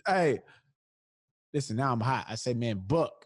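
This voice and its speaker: Speaking unhurriedly in a mid-range voice, a podcast host tells a comedic story, voicing each person in it with animation. The studio-quality recording has no echo.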